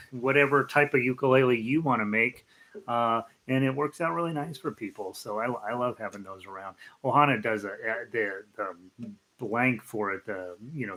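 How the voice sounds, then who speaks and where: A man's voice: medium pitch, sharp tone. Chatty man greeting stream viewers. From United States. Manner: chatty and rambling, many fillers and restarts. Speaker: ukulele teacher hosting a live stream. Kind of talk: casual chat greeting viewers by name.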